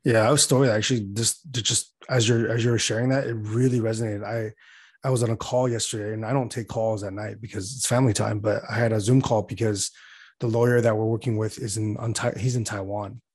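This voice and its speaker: A man chatting casually on a podcast, telling an animated story with lots of fillers and acting out his own frustration. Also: fairly low pitch, brisk, breathy edge. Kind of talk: casual chat.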